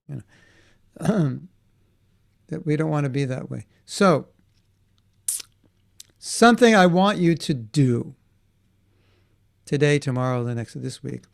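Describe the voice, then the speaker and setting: A man's voice: a little high, animated, slow pace, gravelly, long pauses. A man teaching a class for children in a conversational way, often checking in with his students and restarting his sentences. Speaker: workshop teacher for kids.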